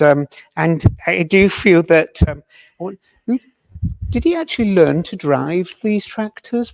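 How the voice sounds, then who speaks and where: A man working as a medium in a village hall, talking gently and tentatively to a member of the audience and often checking that what he says makes sense. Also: a little high.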